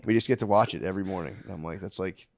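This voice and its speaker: A man in his thirties co-hosting a casual podcast, telling animated stories with swearing and squeaky impressions of his kids. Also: rapid-fire, vocal fry, no room sound, studio quality. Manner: swears freely, says "dude" a lot. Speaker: podcast co-host. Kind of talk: casual chat.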